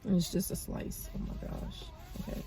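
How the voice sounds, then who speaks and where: A woman in her thirties chatting casually in a vlog, telling a story with animated and grateful talk. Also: moderate pace, faint music behind. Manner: animated storytelling, praises God. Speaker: vlogger. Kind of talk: casual chat.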